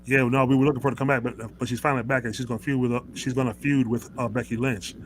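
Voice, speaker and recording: A man's voice: mid-range voice, flat delivery, racing, slight background noise, rough recording. A man hosting a casual wrestling talk show, ranting in a heated, rambling way, with many stammers and restarts. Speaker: host.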